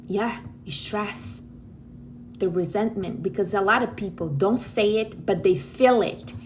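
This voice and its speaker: A blunt, outspoken woman with a Brazilian accent talks casually to her livestream audience. She hands out advice directly and calls her listeners honey. Her voice sits at an ordinary middle pitch for a woman, with a faint hiss of noise in the background. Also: a little slow, darkish tone. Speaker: livestream host.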